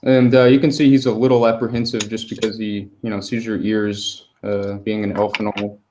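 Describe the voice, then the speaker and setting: A man with a low, fairly flat voice narrates as game master. He talks loosely, with plenty of fillers, as he describes the scene. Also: normal speed, a little hiss or hum. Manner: relaxed, many fillers, describes scenes at length.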